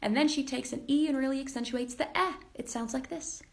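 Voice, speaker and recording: A woman's voice: high voice, fairly quick, gravelly. A woman explaining step by step, in an upbeat and chatty way, how to sing like pop singers. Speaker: singer and impressionist. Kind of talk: casual singing tutorial.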